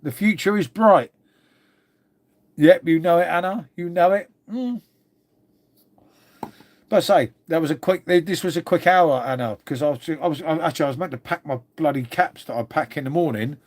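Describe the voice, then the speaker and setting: Middle aged english bloke rambling on his live stream, swears a lot, voice sits a bit high. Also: normal speed, pauses often. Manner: rambling, chatty, swears freely, calls everyone mate. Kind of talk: casual live stream chat.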